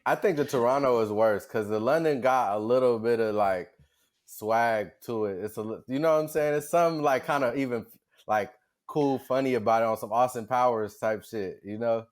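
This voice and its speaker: Relaxed man chiming in on a podcast. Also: medium pitch, moderate pace. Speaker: podcast co-host. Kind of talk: casual podcast banter.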